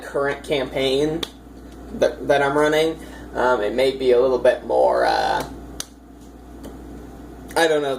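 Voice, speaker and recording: A woman's voice: very deep voice, creaky, a little mellow, a little hiss or hum, rough recording. A woman dungeon master casually recounting her tabletop campaign in a chatty, rambling way with lots of fillers.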